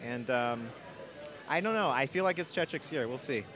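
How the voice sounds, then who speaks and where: A man's voice: medium pitch, animated, moderate pace, fairly bright tone. A man being interviewed as a guest, answering coyly and playfully brushing off the host's claims. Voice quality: playful, coy, downplays with dry humor. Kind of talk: casual interview chat.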